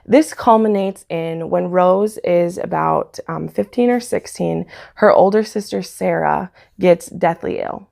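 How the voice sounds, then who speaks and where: A woman with a low, strongly gravelly voice chats her way through a book's plot for her review vlog. She rambles casually and fills gaps with "um" and "like". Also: a little mellow. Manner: chatty retelling, frequent "um" and "like". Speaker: book reviewer.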